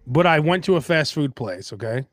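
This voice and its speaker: A man hosting a casual food podcast, chatty and animated, getting loud when he rants. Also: fairly high pitch, normal speed, dry recording, studio quality. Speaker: podcast host. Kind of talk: casual chat.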